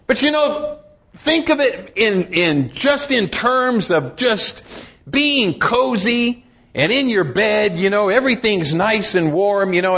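A middle-aged man preaches in a church with a high voice. He has a folksy, humorous way of telling stories. The recording sounds dull and lo-fi. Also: fairly bright tone. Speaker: pastor. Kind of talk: sermon.

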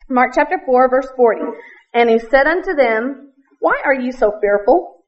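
A woman's voice: high voice, normal speed. A woman giving an earnest church testimony as a missionary, laughing often and quoting scripture in old-fashioned wording. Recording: dull lo-fi recording.

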